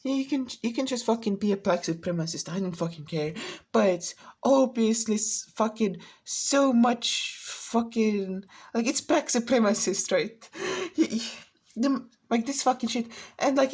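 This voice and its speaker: Brief: higher-pitched woman with a husky edge, rambling and profane casual rant. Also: normal speed, darkish tone. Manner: rambling, profane, frequent restarts. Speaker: vlogger. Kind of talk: casual ranting commentary.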